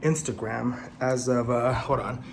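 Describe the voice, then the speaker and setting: A young male vlogger chats casually to a camera set in front of him while eating in his home apartment, in a casual mukbang vlog. His medium-pitched, creaky voice has fairly even intonation and a slightly slow pace, and the rough recording carries a little hiss or hum. He's chatty and swears, laughs often at his own expense, and sounds slightly out of breath now and then.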